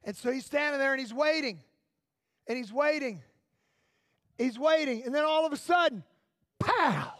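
High-voiced playful pastor. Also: male voice, moderate pace, pauses often, no room sound. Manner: animated storytelling, playful. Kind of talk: sermon.

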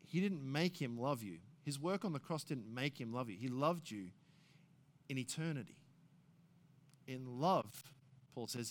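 A man preaching a sermon, reading scripture aloud with rising force and dropping soft and low to drive points home. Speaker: pastor.

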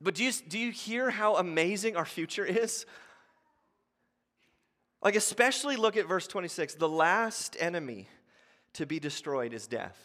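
A man preaching a sermon as a pastor, talking conversationally with frequent asides, then building to impassioned near-shouts. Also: animated, normal speed, pauses often. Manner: passionate, rising to near shouts at high points. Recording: long hall reverb.

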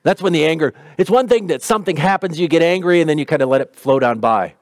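A man's voice: a little high, fast, dry recording, clean studio sound. A man preaching a sermon in an earnest, conversational way. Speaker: pastor.

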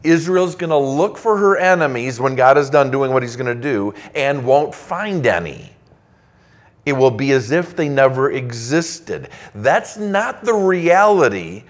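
A male pastor preaching a sermon, reading scripture aloud in an emphatic, conversational way. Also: medium pitch.

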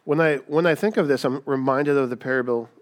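Male preacher, sermon, chatty, rhetorical questions, mid pitch. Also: quick pace. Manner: conversational, asks rhetorical questions, acts out voices.

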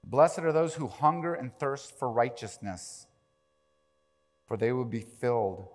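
A man preaching a sermon as pastor, animated, swinging from quiet to loud and acting out quoted prayers. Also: medium pitch, unhurried. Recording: long reverb of a large hall.

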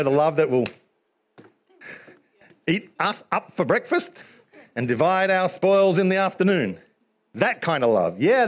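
A man preaching a sermon in an animated way. He laughs often and acts out little scenes as he talks. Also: on the high side, husky.

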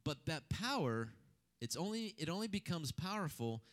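A man preaching a sermon, reading scripture and then talking in a conversational, animated way with rhetorical questions to the congregation. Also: fairly high pitch, moderate pace. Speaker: pastor.

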